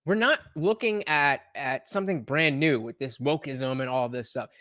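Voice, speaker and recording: A man's voice: mid-range voice, normal speed, bright, forceful tone, dry recording, clean studio sound. A man hosting a reaction video, giving emphatic commentary on the clip he is playing. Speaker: YouTube commentary host.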